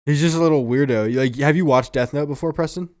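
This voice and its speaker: A man's voice: a little high, quick pace. A young man co-hosting a casual podcast chat, swearing freely and laughing as he tells stories. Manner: swearing, laughing, animated retelling. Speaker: podcast co-host.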